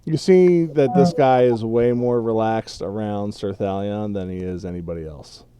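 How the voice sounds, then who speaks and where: A man's voice: on the low side, moderate pace, dark tone, clean tone, dry recording. A man narrating as game master of a tabletop role-play game, describing what characters do.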